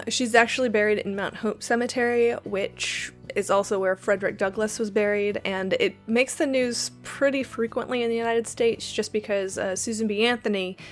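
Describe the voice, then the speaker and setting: This woman, a lecturer who reads poetry, has a medium pitch and delivers a poem gently, dropping to a whisper as each line closes. Her explanation afterward is conversational, peppered with ums and brief tangents.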